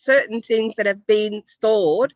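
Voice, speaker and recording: A woman teacher with an Australian accent, telling stories in a lively way during an interview over a video call. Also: mid-range voice, slow, no echo, muffled recording.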